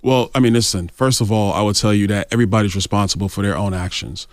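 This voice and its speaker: A man with a fairly low voice, answering interview questions assertively and pushing back on each point. The recording is dry and close. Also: fairly even intonation, fast talker, no room sound. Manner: assertive, argumentative. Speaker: congressman guest. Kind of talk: radio interview.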